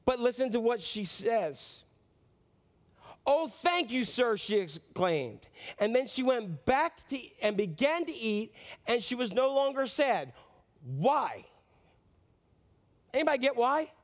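A man with a notably high voice preaches an earnest, impassioned sermon. He speaks straight to his congregation and keeps putting questions to them as he goes. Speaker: pastor.

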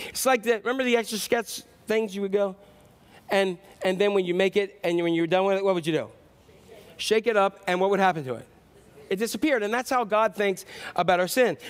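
Male pastor, higher-pitched voice, preaching with storytelling asides. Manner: storytelling with acted-out quotes. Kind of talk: sermon.

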